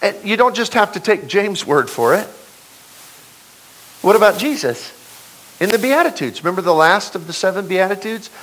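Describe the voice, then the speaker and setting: A man in his forties delivers a sermon in a high, lively voice that climbs and drops sharply. He stresses key words and repeats them for force, and he speaks into a clip-on mic. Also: normal speed, pauses often, poor audio. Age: 40s. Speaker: preacher.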